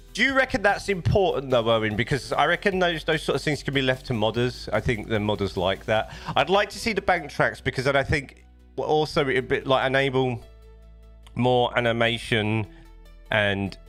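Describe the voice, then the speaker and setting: A man's voice: mid-range voice, a bit bright. A man with a British accent chatting casually on a live stream, rambling and often restarting his sentences. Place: home desk setup.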